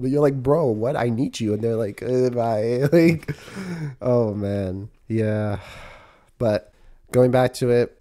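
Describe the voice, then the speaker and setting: A young man from New York co-hosting a podcast, ranting in a casual, animated way and laughing often. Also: mid-range voice. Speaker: podcast co-host. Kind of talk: casual chat.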